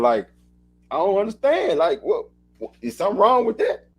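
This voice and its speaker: A man co-hosts a podcast in loose, casual chat. He makes his points with emphasis and swears offhandedly. His voice sits a bit high and has a husky edge. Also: sing-song, normal speed. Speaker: podcast co-host.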